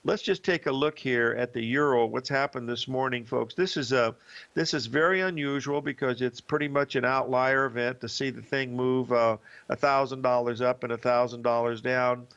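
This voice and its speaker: A man's voice: medium pitch, fairly even intonation, normal speed, fairly bright tone, clear, resonant tone, muffled recording. A man hosting a live financial show, telling a joke and then talking through charts in a rambling way, with many fillers and restarts. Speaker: host and market analyst. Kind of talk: live market commentary show.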